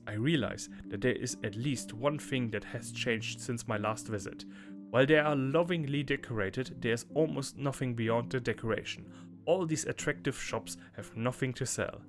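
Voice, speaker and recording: A man hosting a let's play, reading game text aloud and breaking into loud, laughing asides. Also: mid-range voice. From Germany. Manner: laughs often, bursts into loud playful reactions between calm read-outs. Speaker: gaming channel host. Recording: game music clearly behind the voice.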